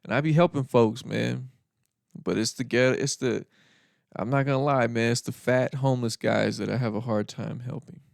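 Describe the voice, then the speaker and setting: A man's voice: mid-range voice, steady tone, normal speed, gravelly, no echo, clean studio sound. A man hosting a podcast, telling stories in a laid-back, rambling way, laughing often. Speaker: podcast host. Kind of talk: casual storytelling monologue.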